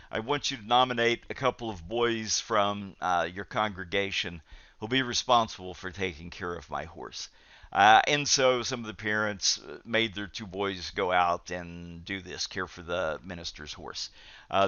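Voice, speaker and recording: Male lecturer, low register, measured explainer with "uh" fillers, dull lo-fi dry recording. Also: bright, forceful tone, dry recording. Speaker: psychology lecturer.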